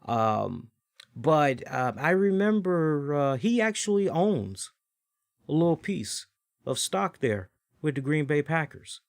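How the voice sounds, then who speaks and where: A man's voice: fairly high pitch, big pitch swings, slow, gravelly, no room sound, clean studio sound. A man hosting his own show, chatting casually and rambling as he talks straight to his viewers. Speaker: show host. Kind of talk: casual solo review chat.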